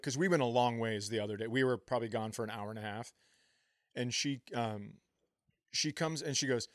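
A man's voice: mid-range voice, moderate pace, a bit bright, dry recording, clean studio sound. A man co-hosting a comedy podcast, telling a story in casual chat, laughing often and swearing freely. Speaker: podcast co-host.

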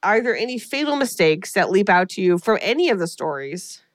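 A woman's voice: medium pitch, brisk, no room sound. Woman retelling a scary movie, gets into the voices, dry close sound. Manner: animated storyteller, acts out quotes. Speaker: podcast co-host. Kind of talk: casual movie recap chat.

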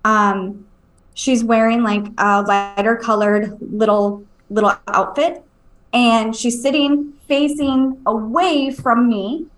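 A woman, a medium and podcast co-host, telling a story at home in a casual, animated way, swearing and checking in with her listener. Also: fairly high pitch, takes it slowly, poor audio. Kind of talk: casual storytelling on a live stream.

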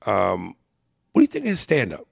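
A man co-hosting a casual chat, talking animatedly and profanely and slipping into quick impressions. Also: lowish voice, wildly swooping pitch, gravelly, slightly rough, dry recording, studio quality. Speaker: podcast co-host. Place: hotel room.

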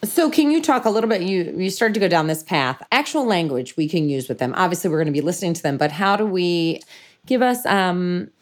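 A woman with a fairly low voice co-hosts a podcast. She puts a question to the guest haltingly, searching for the right words. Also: animated. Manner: hesitant, searching for words with fillers. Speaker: podcast co-host. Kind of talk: interview question.

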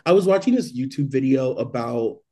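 A man co-hosting a podcast in casual chat, talking in an exasperated, animated way and swearing freely. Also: medium pitch, brisk. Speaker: podcast co-host.

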